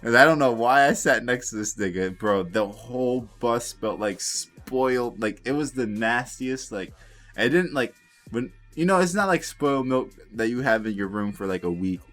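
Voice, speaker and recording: A man's voice: mid-range voice, expressive, normal speed, fairly bright tone, soft background music. A young man telling a storytime tale in a casual, rambling way, swearing and laughing as he goes. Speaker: storytime vlogger.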